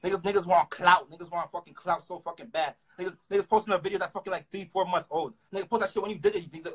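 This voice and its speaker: A young man with a Toronto accent, ranting through a story fast and profanely, with frequent stammered restarts. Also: sits high, a bit bright, slightly rough, poor audio. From Canada. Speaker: rapper. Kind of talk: casual storytelling rant.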